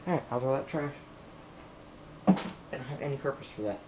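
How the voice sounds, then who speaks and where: In a very noisy recording, a young tech vlogger with a mid-range voice talks briskly through an at-home unboxing. He rambles, speaks to himself and the computer, and gets irritated while it loads.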